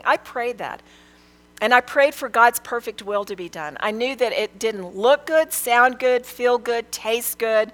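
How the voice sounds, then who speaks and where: A woman's voice: fairly high pitch, lively intonation, a little slow, fairly bright tone, poor audio. An older woman, a grandmother, giving an earnest, emphatic testimony, repeating phrases for weight. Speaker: speaker sharing a testimony. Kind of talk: testimony sermon.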